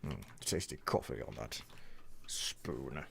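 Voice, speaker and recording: A man's voice: extremely low pitch, animated, slow, gravelly, a little hiss or hum. A man streaming a game, chatting with viewers in a hammy, theatrical put-on British accent that drifts toward Australian, laughing often and mocking himself. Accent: put-on mock British, drifting toward Australian. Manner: laughs often while reading chat. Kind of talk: live gameplay stream, chatting with chat.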